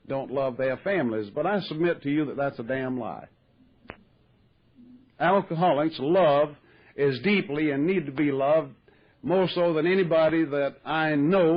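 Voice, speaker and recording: An older man, telling his recovery story with folksy wry humor. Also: fairly high pitch. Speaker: AA speaker. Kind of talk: recovery talk to an audience. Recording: muffled vintage tape recording.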